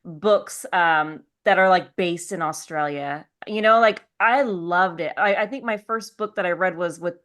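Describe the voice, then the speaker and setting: A woman's voice: fairly low pitch, unhurried, hardly any pauses, a bit bright. A woman from the United States hosting a casual podcast interview, encouraging her guests. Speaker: podcast host.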